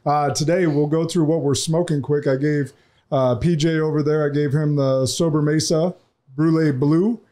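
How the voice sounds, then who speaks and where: A man's voice: on the high side, steady tone, moderate pace, dark tone. A man hosting a podcast in a studio, talking casually, emphatic and opinionated. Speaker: podcast host.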